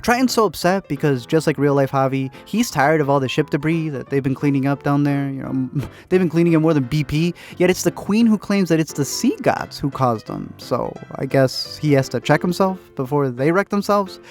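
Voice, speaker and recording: A man narrating a comedic movie recap, full of quick jokey punchlines. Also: on the high side, expressive, soft background music. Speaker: host.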